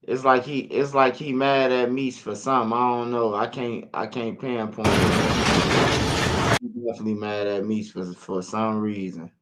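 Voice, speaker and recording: A man commenting casually in relaxed slang, hedging his views. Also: mid-range voice, measured pace, a little hiss or hum.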